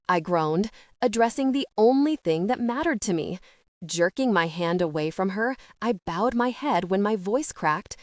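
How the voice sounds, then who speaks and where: A woman narrating a first-person audiobook with a steady, earnest reading. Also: medium pitch, a little slow, no echo, studio quality.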